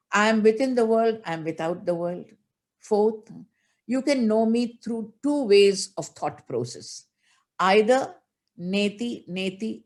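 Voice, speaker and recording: A woman's voice: medium pitch, darkish tone. Older woman spiritual teacher, emotional storytelling sermon, chants scripture. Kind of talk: religious discourse.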